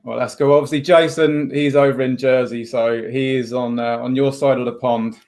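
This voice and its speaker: A man's voice: mid-range voice, steady tone, normal speed, a little mellow. Laid-back man hosting a chat show. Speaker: podcast host. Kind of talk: casual chat.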